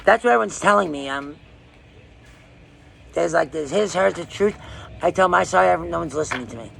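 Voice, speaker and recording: A man's voice: on the high side, lively intonation, a little fast, vocal fry, fairly bright tone, a little hiss or hum. A man in a raw personal monologue, rambling, emotionally distressed and swearing often. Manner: profane.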